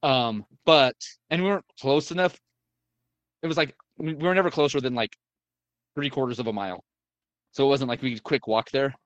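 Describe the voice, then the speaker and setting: A man's voice: mid-range voice, fairly quick, pauses often, no echo, dull audio. A man telling a long story in casual chat, rambling with many fillers and restarts and the odd swear word.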